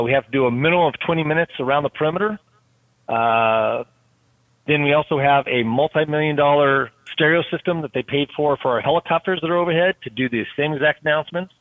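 Police dog handler over a tinny line. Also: male voice, medium pitch, dry recording. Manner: steady, detailed explaining with fillers. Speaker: SWAT canine handler. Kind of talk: casual podcast chat. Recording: tinny phone-like line, dry.

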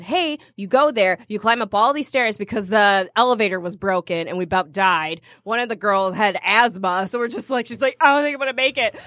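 A woman's voice: mid-range voice, no echo, clean studio sound. A woman from the United States co-hosting a show, telling travel stories in casual chat, acting out quotes and laughing often. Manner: animated storyteller, acts out quotes, laughs often. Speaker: radio show co-host.

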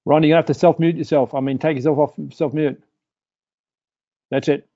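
A man's voice: fairly high pitch, fairly even intonation, brisk, mellow, no room sound, lo-fi sound. A man hosting a webinar, talking in a rambling way with many "uh" and "um" fillers. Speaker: host. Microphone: video call.

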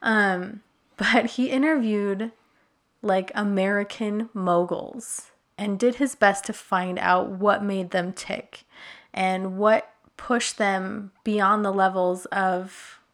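A woman's voice: mid-range voice, fairly even intonation, slow pace. A woman in her thirties co-hosting a podcast, talking in an upbeat, chatty way and laughing easily. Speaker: podcast co-host and food blogger. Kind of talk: casual podcast chat.

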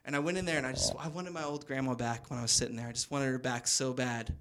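A man's voice: medium pitch, steady tone, quick pace, fairly bright tone. A man in his thirties performing a stand-up comedy set, rambling through a story and acting out quotes. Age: 30s. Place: stage before a laughing audience.

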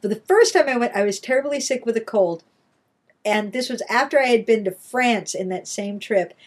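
A woman with a high voice chats loosely as a podcast co-host. She rambles through anecdotes, breaking into laughter as she goes. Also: lively intonation, moderate pace. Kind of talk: casual chat.

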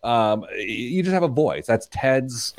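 A man hosting a podcast, chatting casually and telling playful, rambling stories. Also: a little slow. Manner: playful, rambling storyteller with lively pitch swings. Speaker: podcast host. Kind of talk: casual chat.

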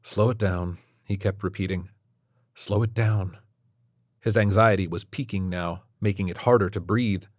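A man reads a story aloud at a steady, measured pace. His voice is low, and the recording is dry and close with no room sound. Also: no echo. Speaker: narrator. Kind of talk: scripted narration.

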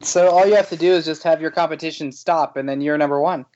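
A man's voice: fairly high pitch, fairly even intonation, fast talker, a little mellow, dry recording, highs cut off. A man joining a casual podcast chat, making puzzled wisecracks. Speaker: podcast guest.

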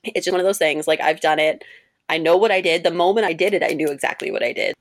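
A young woman in her twenties tells a story in a slightly low voice. She is animated and laughing, and her pitch jumps up whenever she quotes someone. The talk is casual and conversational. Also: fast talker. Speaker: interview guest, cosplayer.

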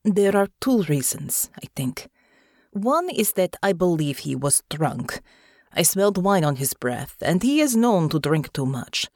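An earnest young woman soldier, voiced by a female audiobook narrator, speaking softly and formally with quiet resolve. Her voice sits low for a woman, and the recording is dry and close. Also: big pitch swings, measured pace, no room sound, exaggerated voice. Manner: soft, sincere, formal phrasing. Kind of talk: audiobook character voice.

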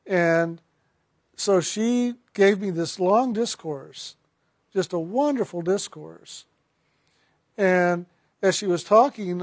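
A man with a fairly high voice recounts a personal spiritual story in an earnest, gentle way. He often restarts his sentences, and the close, dry recording has no room sound. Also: no room sound. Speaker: spiritual counselor.

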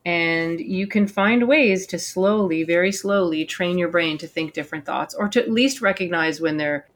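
A woman who works with parents and kids, explaining with earnest, animated asides as an interview guest. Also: lowish voice, normal speed.

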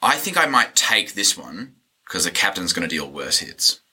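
A man's voice: low-pitched, very animated, moderate pace, sharp tone, slightly rough. A man chatting as a player in a tabletop game, laughing and talking loosely. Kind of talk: casual tabletop game chat.

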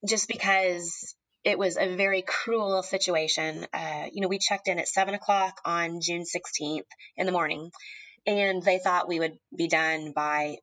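Thirtysomething woman, lowish voice, emotional halting storytelling, lots of ums. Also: a bit bright, rough recording. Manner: tearful at times, halting with many ums and restarts. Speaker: guest sharing a personal story.

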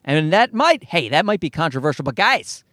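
A man's voice: on the high side, sing-song, moderate pace, a bit bright, dry recording, studio quality. A man hosting a comedy podcast, ranting in a worked-up way and swearing freely. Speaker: podcast host.

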